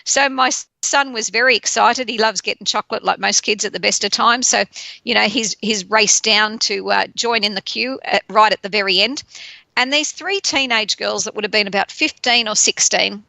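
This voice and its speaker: A woman hosting a show and telling a personal story in a lively way, often laughing and acting out the people she quotes. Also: medium pitch, normal speed, creaky, no echo. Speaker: podcast host.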